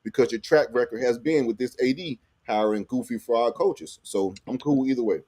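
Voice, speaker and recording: A man's voice: medium pitch, normal speed, mellow, no room sound. A man co-hosting a fan call-in show, talking college football in a profane, mocking way. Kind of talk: casual sports talk.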